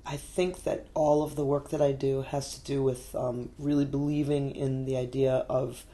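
A woman's voice: extremely low pitch, flat delivery, moderate pace, mellow. A woman artist from New York, telling stories in a casual interview with many fillers and frequent laughs. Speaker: artist guest.

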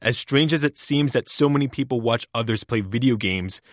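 A man narrating a scripted radio news report in a measured, even way. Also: medium pitch, no room sound, studio quality. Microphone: studio mic.

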